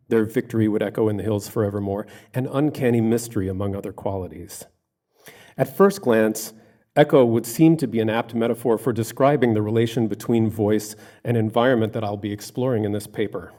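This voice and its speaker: Male academic lecturer reading a paper live to an audience, measured, literary delivery. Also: medium pitch, dark tone.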